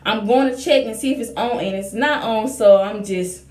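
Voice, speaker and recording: Young woman, slightly high voice, casual storyteller who acts out dialogue, roomy echo. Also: moderate pace, a little mellow. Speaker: vlogger.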